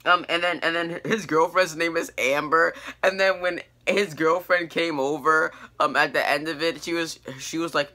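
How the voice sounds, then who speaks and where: A teenage boy talks through an episode recap in a loose, rambling way, tripping over restarts and fillers. His voice is very bright and sits a little high for a guy. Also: moderate pace, hardly any pauses. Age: teens. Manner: rambling, many fillers and restarts, animated quoting. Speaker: TV review vlogger. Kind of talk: casual recap and review.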